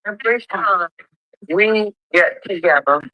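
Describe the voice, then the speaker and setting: A woman's voice: mid-range voice, measured pace, highs cut off. A woman co-hosting a heated talk about a reality show, exasperated and scolding.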